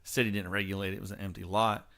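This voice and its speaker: A man who is a guest on a podcast, telling stories in a relaxed, rambling way during casual chat. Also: fairly low pitch, racing. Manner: easygoing, rambling storyteller.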